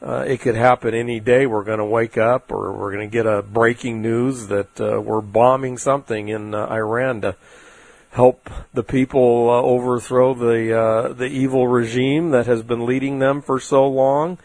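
A man's voice: mid-range voice, fairly even intonation, normal speed, a little mellow, no room sound. A man hosting an investment talk show, giving casual market commentary in a rambling, folksy way with many fillers.

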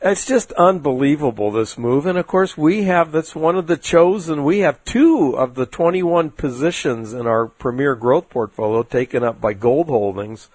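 A man's voice: a little high, lively intonation, moderate pace, hardly any pauses, a little mellow, slightly rough, no room sound. A man hosting an investment talk show, giving casual market commentary in a rambling, folksy way with many fillers.

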